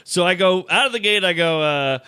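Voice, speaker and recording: A man's voice: high-pitched, a little fast, smooth, no room sound, studio quality. A male comedian telling a story on a podcast, acting out the people in it. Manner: animated storyteller acting out quoted voices.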